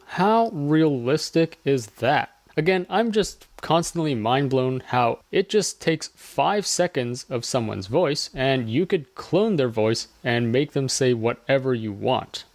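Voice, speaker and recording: A man hosting a casual software tutorial, explaining each step as he clicks through it. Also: mid-range voice, expressive, takes it slowly, hardly any pauses, no echo. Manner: chatty, explains steps as he clicks. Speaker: tutorial host.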